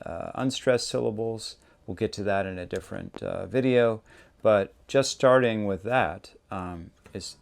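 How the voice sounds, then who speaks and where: A man hosting a songwriting lesson, explaining step by step in a relaxed, conversational way. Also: deep voice, gravelly. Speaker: songwriting teacher, show host. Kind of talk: casual instructional talk.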